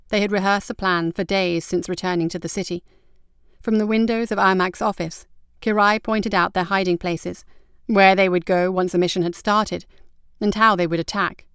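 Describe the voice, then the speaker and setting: A woman reads a story aloud in a steady, even manner. Her voice is smooth and crisp. It is recorded close and dry, with no room around it. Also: mid-range voice, dry recording. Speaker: narrator. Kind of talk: audiobook narration.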